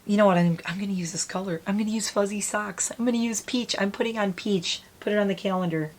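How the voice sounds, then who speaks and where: An American beauty vlogger in her forties talks fast in a medium-pitched voice, with slight background noise. Doing her makeup in a casual get-ready-with-me chat, she rambles and pokes fun at herself.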